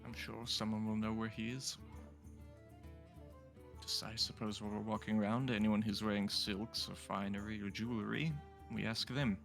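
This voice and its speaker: A man's voice: on the low side, flat delivery, normal speed, vocal fry, a bit bright, soft background music. A man playing in a tabletop game, talking easily and describing what his character does. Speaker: player. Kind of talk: tabletop role-play chat.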